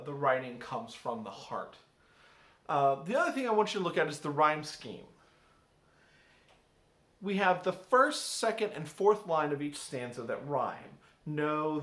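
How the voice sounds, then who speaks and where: Here a man teaches an English class, reading a poem aloud and discussing it conversationally while checking in with "right?" His voice sits a little high, animated and fairly bright, and he speaks a little slowly. Echo from the room is audible in this recorded lesson.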